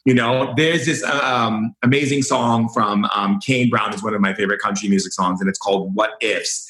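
A man's voice: lowish voice, steady tone, moderate pace, sharp tone. A man guesting on a podcast, talking in an effusive way, often repeating his phrases and filling with "you know". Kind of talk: warm conversational interview. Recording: roomy echo.

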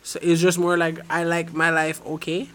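A man co-hosting a podcast outdoors at night, telling animated stories full of swearing and jokes. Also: on the high side, normal speed, a little hiss or hum. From Jamaica. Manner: animated storyteller, swearing and joking. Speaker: podcast co-host. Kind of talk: casual chat among friends.

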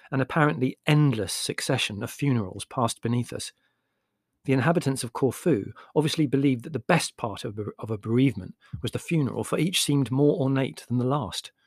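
A man narrating an audiobook in a measured, wry storytelling voice. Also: mid-range voice, dry recording, studio quality.

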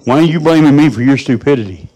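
A man's voice: medium pitch, fast talker, warm tone, pitched above the performer's own voice, lightly acted, rough recording. A man voicing God scolding a stubborn woman in a sermon story. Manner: reproachful, lecturing. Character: God, patient but scolding, exasperated.

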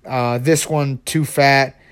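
A man voicing a deranged male plastic surgeon villain from a video game, in a slow, fussy, disgusted tone. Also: medium pitch, steady tone, clean tone, close to an everyday voice.

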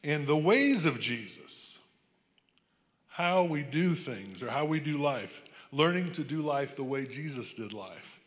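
A man's voice: fairly high pitch, lively intonation, measured pace. Folksy rambling male preacher, reverberant hall. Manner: rambling, anecdotal, folksy asides with repeated "amen?". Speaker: pastor. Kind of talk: sermon.

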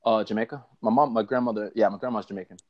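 A man's voice: fairly low pitch, rapid-fire, muffled recording. A young man from Florida with a mixed American and British accent, a podcast guest chatting casually and laughing often. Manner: laughing, animated storytelling. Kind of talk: casual chat. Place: living in London.

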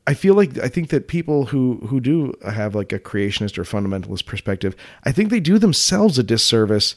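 Speaking at a mid-range pitch, the man co-hosts a podcast in a relaxed, chatty way. He's lively and quick to laugh, frequently restarting what he's saying.

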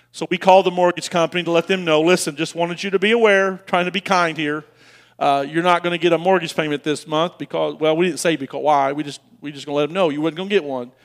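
Middle-aged man, high voice, emotional storytelling preacher who stammers and repeats himself. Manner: storytelling, emotional, repeats words, rises to loud passionate bursts. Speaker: pastor. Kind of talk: sermon.

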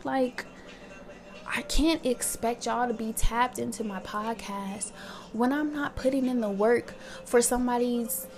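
Blunt young woman with a gravelly voice. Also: fairly high pitch, a little mellow. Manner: blunt, candid, swears freely. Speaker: podcast host. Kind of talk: casual solo podcast monologue.

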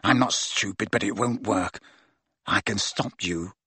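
A man's voice: on the low side, a little slow, bright, forceful tone, breathy edge, no room sound, pitched below the performer's own voice, exaggerated voice. A man voicing a sulky, defiant teenage boy. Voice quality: sneering, resentful. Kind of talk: audiobook character voice.

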